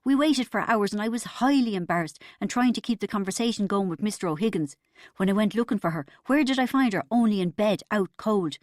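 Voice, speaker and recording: A woman's voice: medium pitch, expressive, brisk, dry recording, clean studio sound, voice pushed up, lightly acted. A woman doing a bitter, boastful husband. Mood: indignant. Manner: pompous, aggrieved, insistent. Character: boastful middle-aged Irish husband, bitter.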